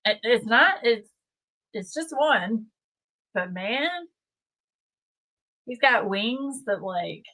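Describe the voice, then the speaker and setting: Slow-talking woman, chatty host. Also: fairly high pitch, lively intonation, pushed and bright, rough recording. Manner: chatty, reads viewer comments aloud. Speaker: livestream host. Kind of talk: casual livestream chat.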